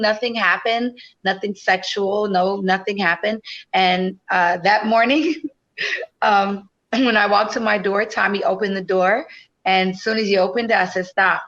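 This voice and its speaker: A woman's voice: medium pitch, steady tone, moderate pace, a bit bright, highs cut off. A woman in her fifties, a podcast guest, telling a story animatedly and casually, swearing freely.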